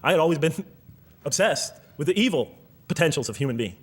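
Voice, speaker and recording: A man delivers an animated lecture with a fairly high voice that swings widely in pitch. He talks fast, reads verses aloud and keeps asking the room rhetorical questions. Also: slightly rough. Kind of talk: lecture to a live audience.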